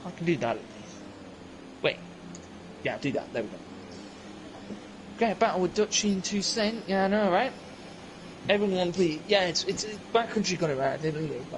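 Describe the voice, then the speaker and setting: A man's voice: sits high, expressive, normal speed, pauses often, noisy background. A young man casually chatting on a live stream while playing a racing game, rambling and answering viewers in chat. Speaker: racing league streamer and commentator.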